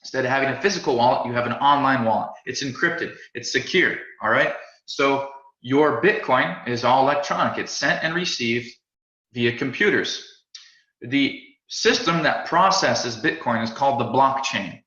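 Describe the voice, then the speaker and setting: A man teaching a live class in an energetic, chatty way, often repeating and restarting words. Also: mid-range voice, moderate pace. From United States. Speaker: crypto trading instructor. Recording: roomy, slightly dull sound.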